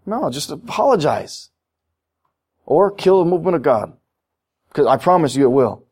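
Animated man preaching a sermon. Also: on the high side, brisk, slightly rough. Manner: animated preaching, acting out voices in quoted asides. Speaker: pastor.

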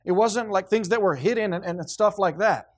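A man delivers a sermon from the pulpit with a fairly high voice. He preaches emphatically, often restarting his sentences. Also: normal speed. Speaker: pastor.

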